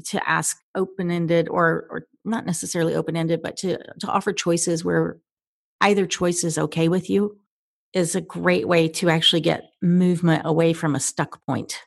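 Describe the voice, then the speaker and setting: A woman's voice: lowish voice, level tone, normal speed, creaky. A woman hosting a conversation, reflecting on what her guest said and explaining ideas at length. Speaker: host. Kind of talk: casual interview talk.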